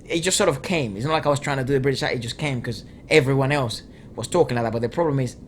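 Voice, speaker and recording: A man's voice: medium pitch, rapid-fire, slight background noise. A young man whose first language is Spanish, telling a long story in a casual chat and rambling along with lots of "like" fillers. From Latin America. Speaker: reaction video co-host.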